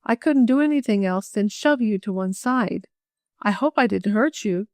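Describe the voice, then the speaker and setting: A woman voicing an eager, protective young man in an audiobook of a classic girls' novel, speaking gently and urgently. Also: mid-range voice, lively intonation, normal speed, dry recording, clean studio sound, lightly acted. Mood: alarmed.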